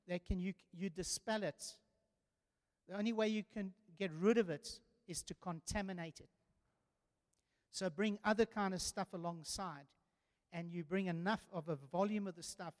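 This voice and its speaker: Male pastor, high-pitched, earnest storyteller, long church reverb. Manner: earnest storytelling preacher, rising to emphatic declarations. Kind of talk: sermon.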